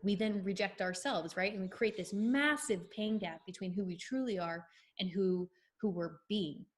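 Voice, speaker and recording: A woman's voice: mid-range voice, normal speed. A woman from the United States, a podcast guest, explaining ideas in a thoughtful, flowing, therapeutic way. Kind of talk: reflective podcast conversation.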